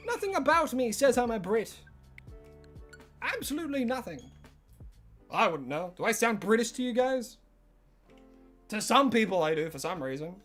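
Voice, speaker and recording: A young Australian man with a high, light voice chats casually on a live stream, his accent a little Americanized. He answers viewers in a loose, self-mocking way while faint music plays under him. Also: big pitch swings, normal speed, pauses often, a bit bright. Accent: Australian with some American influence. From Tasmania, Australia.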